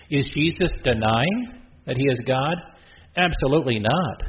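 Speaking at a normal pace with a medium-pitched, animated voice, this middle-aged priest gives a conversational homily in a church. He breaks off often to crack jokes and cut into his own sentences, and the lo-fi audio sounds muffled under a light hiss.

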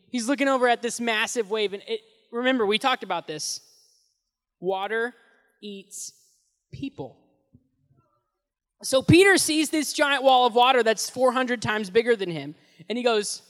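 Young guy preaching to youth, high voice, super animated, slangy, loud then hushed, echoey hall. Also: brisk. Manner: animated storytelling, casual slang, swinging loud and soft. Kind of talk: sermon. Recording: long echoey hall reverb.

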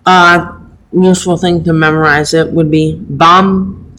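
A man teaching a Latin lesson, speaking haltingly with many pauses and fillers. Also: fairly high pitch, level tone, bright, forceful tone, a little hiss or hum, low-quality recording. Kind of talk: slow home-made lesson.

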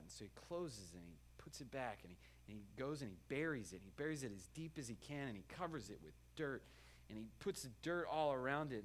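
A man preaching a sermon, telling a parable with animated storytelling and leading a prayer. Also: medium pitch, slight background noise. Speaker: pastor.

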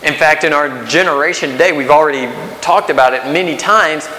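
A man's voice: a little high, fairly quick, bright, forceful tone. A man in his thirties preaching a sermon as pastor, conversational, with rhetorical questions and restarts. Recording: echoey hall with faint hiss.

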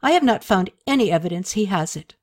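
A woman's voice: medium pitch, animated, quick pace, voice pushed up, close to an everyday voice. A woman reading the part of a sweet, eager young princess who speaks earnestly.

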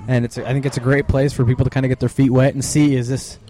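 A man's voice: medium pitch, little pitch movement, fast talker, dark tone, soft background music. A man being interviewed on a podcast, talking about fighting in an easygoing, modest way with dry humor. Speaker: guest, fighter. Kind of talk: casual interview.

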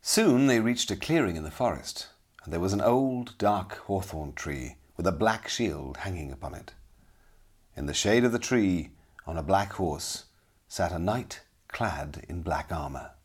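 A man narrating a storybook with expressive, dramatic storytelling. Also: low-pitched, a little slow, slightly rough.

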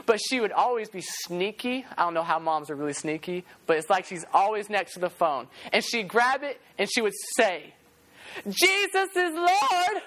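A woman preaching a sermon to a youth group in a church, telling stories in an animated way and acting out quotes. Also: lowish voice, moderate pace, hardly any pauses.

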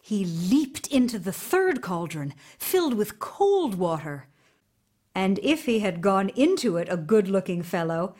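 Slow, expressive woman storyteller. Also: mid-range voice. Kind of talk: storybook read-aloud.

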